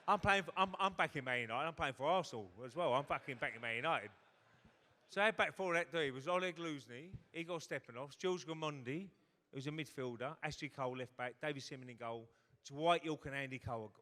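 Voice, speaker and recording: A man's voice: medium pitch, pushed and bright. A middle-aged man on a hotel ballroom stage telling a comic story, swearing freely and acting out the voices of other people. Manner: swearing, quick punchlines, acts out voices. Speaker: guest storyteller. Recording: hall reverb at a live event.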